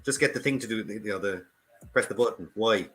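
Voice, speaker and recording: A man's voice: fairly low pitch, fast talker, a bit bright, faint music behind. Jokey Irish man hosting a quiz. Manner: jokey, laughs often, reads out viewer comments. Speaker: quiz host. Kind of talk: casual live-stream chat. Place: home.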